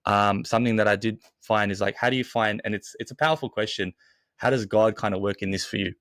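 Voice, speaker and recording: Podcast host guy asking questions, kinda halting and gushing, lower voice, dry audio. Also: fairly even intonation, fairly bright tone, no echo. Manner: effusive, halting, admiring questions. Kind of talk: casual interview.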